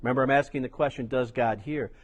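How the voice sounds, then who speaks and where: A man's voice: medium pitch, fairly even intonation, fast. A middle-aged man preaching a sermon as pastor, telling stories with chatty asides. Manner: storytelling, conversational asides.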